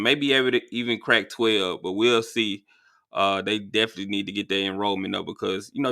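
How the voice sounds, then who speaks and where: A man hosting a live call-in show, chatty and relaxed as he thanks callers and talks to his viewers. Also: lowish voice. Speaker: host.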